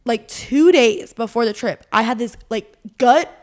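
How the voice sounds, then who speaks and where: A woman's voice: a little high, a little slow, a little mellow. A young woman, co-hosting a podcast and telling a long personal story in rambling, casual chat full of fillers and laughs. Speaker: podcast co-host.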